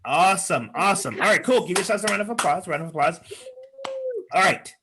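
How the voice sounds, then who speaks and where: A man's voice: high-pitched, brisk, noisy background. Encouraging man coaching on a video call. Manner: chatty and encouraging, with frequent fillers. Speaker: speaking coach leading an online workshop. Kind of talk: workshop talk with improv exercises.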